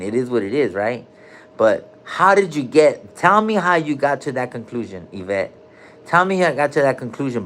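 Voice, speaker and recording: A man streams casually from his hospital room, his medium-pitched voice a bit bright against slight background noise. He cracks loose jokes full of slang and names viewers as they show up.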